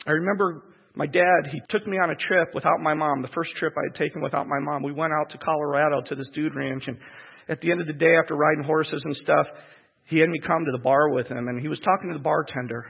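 Gravelly man telling a personal testimony. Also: fairly high pitch, steady tone. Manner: emotional, halting storytelling with repeated words. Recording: echoey hall, dull lo-fi sound.

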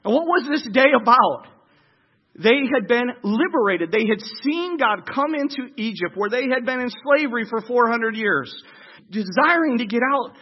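A man preaching a sermon, animated and acting out the crowd's voices with shouts. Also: very high-pitched, normal speed, slightly rough, muffled recording.

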